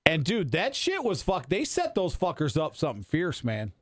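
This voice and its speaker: A man's voice: fairly high pitch, wildly swooping pitch, normal speed. A man in his forties in loose, profane, rambling chat on a radio talk show. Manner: profane, rambling banter with restarts. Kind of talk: casual chat.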